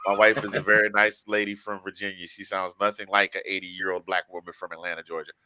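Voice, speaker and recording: Low-voiced, bright-sounding sports podcast host. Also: male voice, fast talker, clear, resonant tone, no room sound. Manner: emotional, animated storyteller. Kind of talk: casual sports talk.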